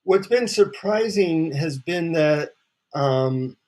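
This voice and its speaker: A man, a psychotherapist and author, telling a relaxed, wry anecdote as a guest in a casual interview. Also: on the high side, slow.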